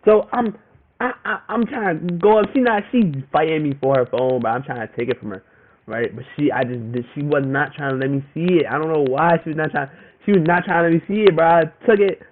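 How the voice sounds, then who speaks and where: A man's voice: fairly high pitch, a little fast. A young man telling a personal story in a casual, rambling monologue, full of slang and repeated phrases, shifting his voice up and down as he quotes other people. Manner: rambling and repetitive, slangy, animated when quoting others. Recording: tinny phone-like audio with faint noise.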